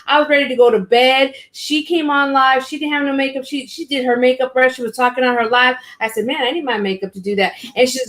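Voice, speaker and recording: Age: adult. Sex: woman. Role: live stream host. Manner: relaxed, conversational. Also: high-pitched, fast talker, hardly any pauses. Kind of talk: casual chat.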